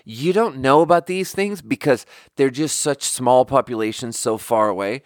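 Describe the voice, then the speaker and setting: A man's voice: medium pitch, moderate pace, dry recording, clean studio sound. A young man from Sweden telling a rambling, exasperated story in casual podcast chat and swearing freely. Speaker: podcast host.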